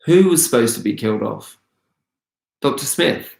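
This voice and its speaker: A man's voice: mid-range voice, expressive, normal speed, creaky, darkish tone. Guy doing a live q&a, lots of ums, chatty, kinda echoey room. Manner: rambling, hesitant, full of ums. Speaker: actor hosting a live Q&A stream. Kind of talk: casual live-stream Q&A.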